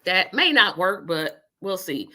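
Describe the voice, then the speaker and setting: Bright-voiced woman chatting on a livestream. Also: on the low side, very animated, unhurried, a little hiss or hum. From Indiana. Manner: rambling, talks to viewers while multitasking. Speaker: livestream host. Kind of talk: casual political livestream chat.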